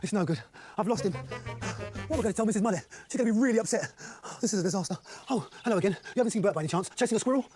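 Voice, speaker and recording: A man's voice: sits high, racing, lightly acted. A man playing a chatty bumbling dog walker. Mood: cheerful. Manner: chatty, talks to his dog. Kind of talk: children's show acting. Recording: voice over loud background music.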